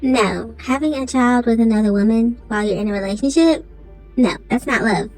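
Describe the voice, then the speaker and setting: Higher-voiced woman reacting emphatically. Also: normal speed, a little mellow, soft background music, rough recording. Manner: emphatic, questioning commentary. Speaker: reaction host. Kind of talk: reaction commentary.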